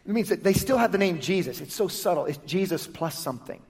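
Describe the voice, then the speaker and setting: A male pastor giving a sermon in a conversational, lively style, often restarting phrases as he explains. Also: sits high, fast, husky. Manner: conversational, lively, self-correcting preaching. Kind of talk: sermon with prayer and Bible teaching.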